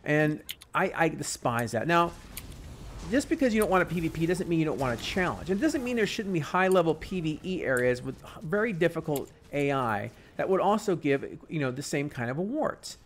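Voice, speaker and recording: A man hosting a casual gaming chat while he plays, rambling and full of restarts and animated complaints. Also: fairly high pitch, fairly quick, a little hiss or hum. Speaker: gaming podcast host.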